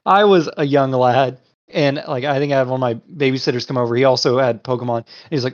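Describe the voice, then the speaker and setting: Young male podcast co-host, animated storyteller; mid-range voice, muffled sound. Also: medium pitch, fast. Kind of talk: casual chat.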